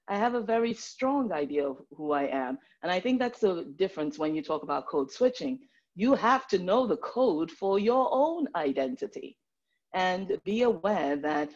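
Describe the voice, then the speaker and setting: A woman of Nigerian background speaking as a doctor on an online panel, animated and fond of slipping into put-on accents. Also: mid-range voice. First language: Nigerian English background. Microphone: video call. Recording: muffled video call audio.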